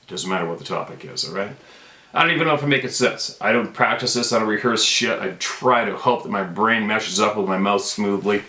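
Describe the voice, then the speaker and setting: A deep-voiced man speaks straight into his camera, hammering his points home and repeating them as he grows more fired up. The room around him rings with a noticeable echo. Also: brisk, bright, forceful tone. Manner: fired-up, emphatic, repeats himself. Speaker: channel host. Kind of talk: impassioned unscripted rant to camera.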